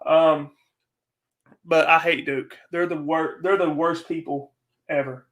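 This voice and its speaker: A young man hosts a casual livestream, chatting with his viewers. His voice sits high and sounds bright and sharp. He rants and swears in frustration between greetings to the people watching. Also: fairly even intonation, takes it slowly. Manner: ranting, profane, frustrated. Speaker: livestream host.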